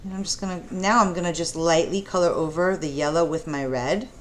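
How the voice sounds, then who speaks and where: Woman, low voice, preschool art teacher, gentle and encouraging, asks kids questions, slight background hiss. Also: steady tone, a little fast. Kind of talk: art lesson for young children.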